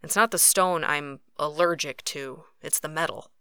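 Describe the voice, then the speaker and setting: A woman reading an audiobook who voices a calm young male Fae with patient, low, even replies. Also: normal speed, clean tone, dry recording, clean studio sound. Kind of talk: audiobook character voice.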